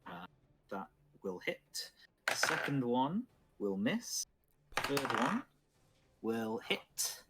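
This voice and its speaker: A man acting as dungeon master, calmly narrating dice rolls and the action of a tabletop game. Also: mid-range voice, drawn-out words, long pauses, very noisy.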